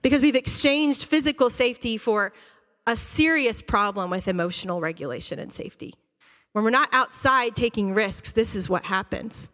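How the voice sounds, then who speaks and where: A woman school counselor giving an animated, conversational talk to a church audience, acting out her students' reactions. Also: on the high side, normal speed. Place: church auditorium. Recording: long hall reverb.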